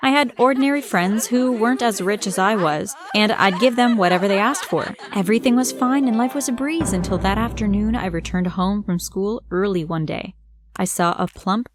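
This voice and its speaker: Woman narrating an animated story. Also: medium pitch, a little hiss or hum. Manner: conversational storytelling, direct to viewer.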